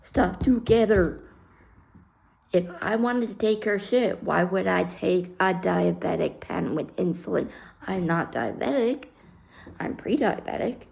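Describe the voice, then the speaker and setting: A woman's voice: on the low side, expressive, unhurried, creaky, low-quality recording. A woman casually telling a personal story on her vlog, blunt and heated, swearing freely and sometimes dropping almost to a whisper.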